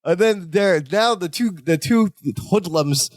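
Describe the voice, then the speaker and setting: A man's voice: sits high, no echo, studio quality. A man co-hosting a podcast, retelling a sitcom episode with enthusiasm and frequent chuckles. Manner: enthusiastic, chuckling, quick to praise jokes. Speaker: podcast co-host. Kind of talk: casual chat recapping a sitcom episode.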